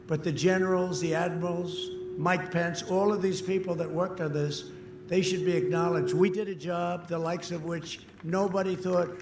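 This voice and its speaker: A man in his seventies giving a boastful, repetitive campaign rally speech, swinging between shouts and quiet asides. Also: high-pitched, reverberant, a little hiss or hum. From United States. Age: 70s. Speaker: political candidate.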